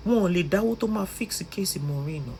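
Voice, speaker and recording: Brief: young Nigerian Yoruba-accented woman, passionate commentator, mid pitch, faint hiss behind. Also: expressive, fast talker, darkish tone, low-quality recording. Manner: impassioned, switching between pleading and scolding. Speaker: social media commentator. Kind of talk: emotional vlog commentary.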